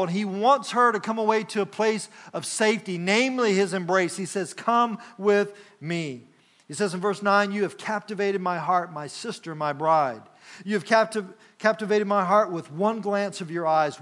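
A middle-aged man preaching a sermon as pastor, with dramatic pauses and rising emphasis. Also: high-pitched, fairly bright tone.

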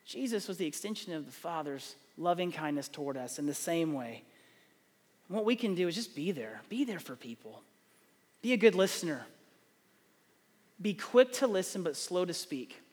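High-voiced preacher, echoing hall. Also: male voice, moderate pace. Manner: animated storytelling, acts out dialogue. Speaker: pastor. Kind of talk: sermon.

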